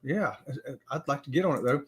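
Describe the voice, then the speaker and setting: A man's voice: mid-range voice, brisk. A middle-aged man hosting a casual live-stream chat, rambling with fillers and greeting viewers by name. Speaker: live-stream show host.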